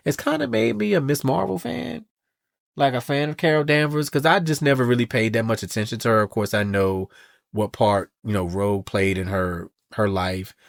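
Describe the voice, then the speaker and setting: Sassy, animated man recapping comics. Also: medium pitch, normal speed, vocal fry, dry recording, clean studio sound. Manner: animated and sassy, reads quotes in voices. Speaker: podcast co-host. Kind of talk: casual comic book recap.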